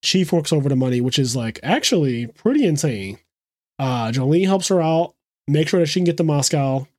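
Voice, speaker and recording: Podcast co-host, male, higher register, lively storyteller, dry booth sound. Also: no echo. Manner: animated retelling, quick asides, frequent swearing. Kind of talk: casual chat.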